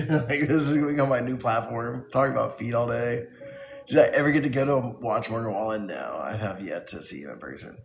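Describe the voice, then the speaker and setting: Giggly man with a gravelly voice, roomy sound. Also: mid-range voice. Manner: giggly, reading and riffing on chat. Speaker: live streamer. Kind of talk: casual live stream chat.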